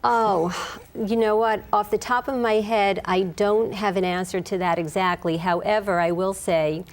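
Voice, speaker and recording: A woman who grew up speaking Yiddish, from Brooklyn, a dialect coach calmly explaining her work in an interview. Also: medium pitch. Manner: measured, explanatory. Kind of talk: interview answers.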